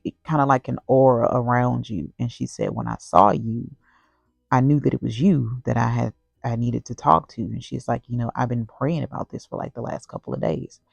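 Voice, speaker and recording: A woman with a heavily gravelly, creaky voice shares a heartfelt faith testimony in a rambling, casual way, filling every pause with "you know" and "like." Her voice sounds dry and close, with no room echo. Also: very deep voice, a little mellow. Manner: earnest and heartfelt. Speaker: vlogger sharing a personal story.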